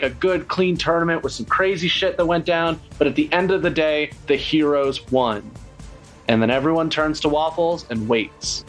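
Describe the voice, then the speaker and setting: A man narrating as game master in a casual, joking way with swearing and laughter. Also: fairly high pitch.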